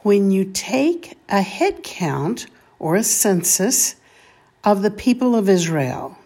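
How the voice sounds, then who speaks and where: A woman teaching scripture reading, saying each word slowly and patiently for listeners to repeat. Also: mid-range voice, sing-song, mellow, breathy edge. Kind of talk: slow call-and-repeat reading lesson.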